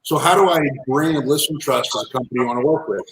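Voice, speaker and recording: A man telling lively business anecdotes as an interview guest, in a casual, animated manner. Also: medium pitch, quick pace. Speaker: guest, entrepreneur and author. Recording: roomy echo.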